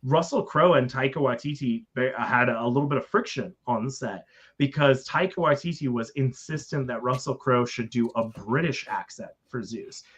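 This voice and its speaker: A man's voice: mid-range voice, moderate pace, fairly bright tone, slightly rough. A man co-hosting a live stream movie discussion, talking enthusiastically and rambling with many fillers. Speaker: podcast co-host.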